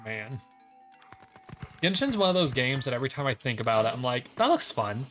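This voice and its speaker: A man's voice: mid-range voice, animated, brisk, fairly bright tone, soft background music, rough recording. A man streaming a video game, chatting casually and rambling with lots of filler words. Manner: rambling, heavy use of "like" fillers. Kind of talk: casual gameplay commentary.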